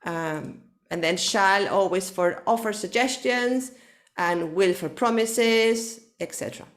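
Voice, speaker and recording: A woman's voice: mid-range voice, takes it slowly. Spanish-accented woman teaching English. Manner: explains patiently, checks with "okay?", switches between English and Spanish. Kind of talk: online English lesson.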